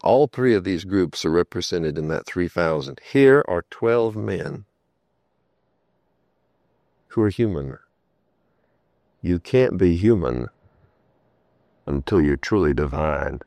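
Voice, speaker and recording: A man's voice: low voice, animated, slow, pauses often, a little mellow, dry recording. A male preacher delivering a sermon in a storytelling way, repeating key phrases for emphasis.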